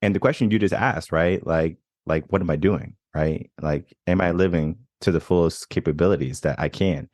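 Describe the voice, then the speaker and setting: A young man hosts a coaching podcast in a reflective, storytelling way. His voice sits very low, and the sound is dry and close with no room around it. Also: moderate pace, few pauses, darkish tone, dry recording. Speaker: podcast host. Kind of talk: casual interview chat.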